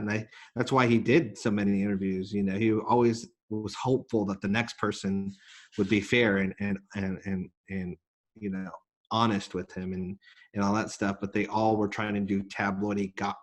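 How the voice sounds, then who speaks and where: Earnest male guest with a lowish voice who talks in halting restarts. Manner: earnest, with frequent restarts and fillers. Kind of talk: casual interview talk.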